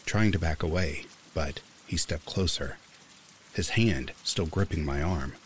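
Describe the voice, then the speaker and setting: A man narrating creepy true stories in a calm, steady storytelling manner. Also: extremely low pitch, unhurried, slight background noise.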